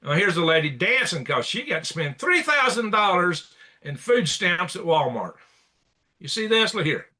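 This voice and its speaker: A man's voice: sits high, big pitch swings, moderate pace, sharp tone. Indignant man ranting at clips. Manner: indignant, repetitive, blunt insults. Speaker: news commentary host.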